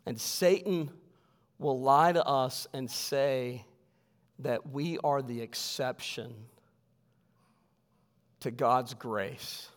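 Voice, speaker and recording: A male pastor preaching a sermon in a church, swinging from loud emphatic lines to hushed ones. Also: medium pitch, drawn-out words, pauses often, in a large hall. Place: church sanctuary.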